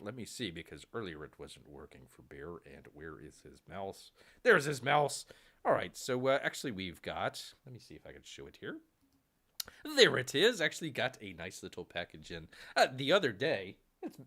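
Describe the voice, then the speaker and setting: A man hosting a casual comics livestream, rambling and excitable, with lots of fillers. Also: medium pitch. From Tampa Bay area. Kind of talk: casual live-stream chat.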